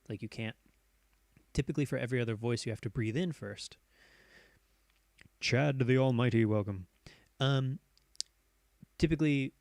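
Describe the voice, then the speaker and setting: A man's voice: mid-range voice, a little mellow, no room sound. Easygoing man chatting on a dry live stream. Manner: easygoing, rambling, reads viewers' posts aloud with many fillers and restarts. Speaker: streamer host. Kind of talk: casual live-stream chat.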